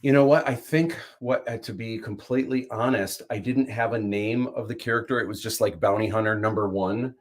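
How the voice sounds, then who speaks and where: A man hosting a livestream, chatting casually, rambling through animated opinions full of fillers and restarts. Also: on the low side, a little fast, hardly any pauses. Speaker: livestream host. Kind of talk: casual chat.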